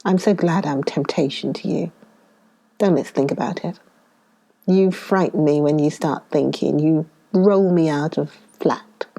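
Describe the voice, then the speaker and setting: A woman's voice: deep voice, measured pace, gravelly, mellow, exaggerated voice. A woman reading an earnest, pleading lady. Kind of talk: audiobook dialogue reading.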